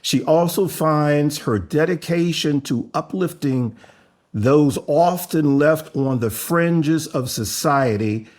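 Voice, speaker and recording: A man hosting a podcast, talking in a theatrical, playful way with booming call-outs. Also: takes it slowly, a little mellow. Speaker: podcast host. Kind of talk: flamboyant podcast intro and interview.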